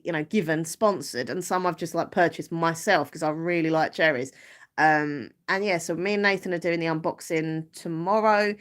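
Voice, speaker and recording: Woman, Essex accent, slightly low voice, chatty, giggly live-stream host. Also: a bit bright. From Southend-on-Sea, Essex, England. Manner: chatty, giggly, self-deprecating. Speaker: YouTuber hosting a live stream. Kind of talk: casual live-stream chat.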